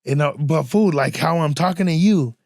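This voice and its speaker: Male podcast host; casual, profane storyteller who acts out his stories; a bit high-pitched, dry sound. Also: normal speed, darkish tone, no room sound. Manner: slangy and profane, peppers talk with "fool" and "dog".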